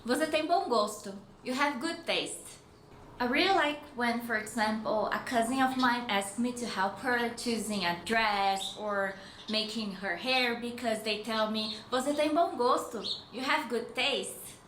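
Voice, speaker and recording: A woman with a Brazilian accent teaching Portuguese phrases in English, with clear, friendly explanations and slowly spoken model phrases. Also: fairly high pitch, a bit bright. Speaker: language teacher. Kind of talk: language lesson with example phrases. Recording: echoey room with faint noise.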